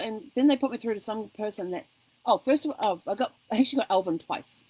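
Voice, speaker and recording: A middle-aged woman chats to her viewers in a casual vlog. Her voice is breathy and sits in a middle pitch. She tells a long story with animation and puts on the voices of the people from her phone calls. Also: brisk, darkish tone, no echo, low-quality recording. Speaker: vlog host. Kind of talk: casual chat.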